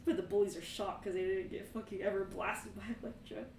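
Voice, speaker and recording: A woman's voice: mid-range voice, little pitch movement, a little fast, creaky, a little mellow, far from the mic, slight background noise. A woman running a tabletop game as game master, narrating in a giggly, rambling way. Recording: echoey room, away from the mic.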